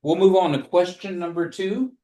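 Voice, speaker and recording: A man teaching a language class, speaking slowly and patiently and repeating phrases for his students to say back. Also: sits high, dark tone, reverberant.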